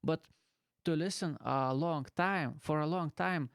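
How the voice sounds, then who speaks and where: Man with halting non-native English. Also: fairly high pitch, creaky, clean tone, no echo, studio quality. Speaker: YouTuber. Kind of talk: casual explainer vlog. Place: small bedroom with pillows piled around. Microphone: close dynamic studio mic.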